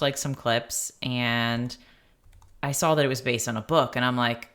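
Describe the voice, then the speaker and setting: A woman's voice: a bass voice, steady tone, normal speed, vocal fry, a bit bright. A woman co-hosting a podcast in casual chat, giggling often and talking with many fillers. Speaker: podcast co-host.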